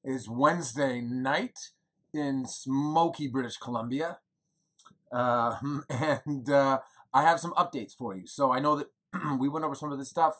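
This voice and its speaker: In the evening at home, a man in his thirties who co-owns a winery gives a chatty, rambling video update. His mid-range voice is a bit bright, and he fills the talk with fillers and self-deprecating jokes.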